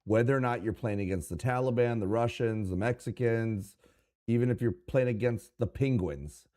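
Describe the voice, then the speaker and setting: A man's voice: medium pitch, moderate pace, dark tone. A man speaking as a guest in a casual live-stream chat, laid-back and plain-spoken.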